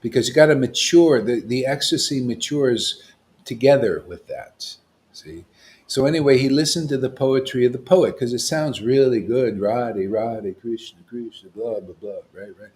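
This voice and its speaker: A man's voice: mid-range voice, animated, moderate pace, darkish tone. A man giving an informal spiritual talk as a teacher, rambling and often checking in with "see?" and "you know.".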